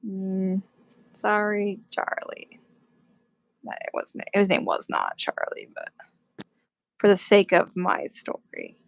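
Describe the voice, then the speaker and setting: A woman's voice: medium pitch, huge pitch swings, slow pace, gravelly, long pauses. A woman co-hosting a casual chat while painting, telling stories and laughing easily. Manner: chatty storyteller, laughs easily. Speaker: co-host, artist.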